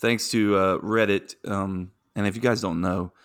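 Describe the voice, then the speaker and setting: A man's voice: on the low side, steady tone, normal speed, a bit bright, clean tone. Laid-back young man hosting a podcast. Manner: laid-back, rambling storyteller. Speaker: podcast host. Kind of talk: casual chat.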